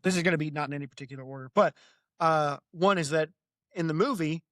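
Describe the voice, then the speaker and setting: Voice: mid-range voice, fast, no room sound, studio quality. A podcast co-host in casual chat, talking in a chatty, joking way and slipping into voices when retelling anecdotes.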